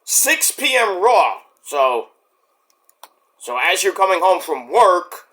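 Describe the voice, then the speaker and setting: A man's voice: sits high, sing-song, takes it slowly, sharp tone. A man hosting a casual solo podcast, rambling and swearing freely as he loses his thread. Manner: rambling and profane, trailing off. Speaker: podcast host.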